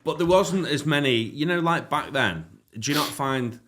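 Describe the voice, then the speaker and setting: A man's voice: fairly high pitch, lively intonation, moderate pace, fairly bright tone. A man hosting a casual podcast interview, who keeps the talk going with short agreements and chats about the old rave days. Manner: encouraging, frequent short agreements. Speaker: podcast host.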